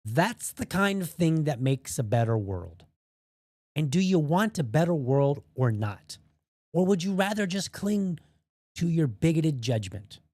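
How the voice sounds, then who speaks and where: A man's voice: fairly high pitch, big pitch swings, a little slow, a little mellow, no room sound, studio quality. A man hosting an opinion podcast, talking bluntly and heatedly and swearing freely as he argues his point. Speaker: podcast host.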